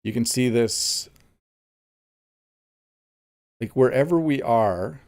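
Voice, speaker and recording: A man's voice: medium pitch, unhurried, darkish tone. A middle-aged man from Canada, an English teacher chatting casually through a live-streamed lesson while he plays a game and answers viewers.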